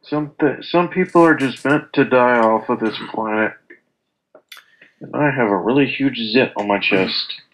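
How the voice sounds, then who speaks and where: A man's voice: mid-range voice, unhurried, a little hiss or hum, rough recording. A young man in casual chat, telling rambling stories with lots of restarts and crude language. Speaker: podcast co-host.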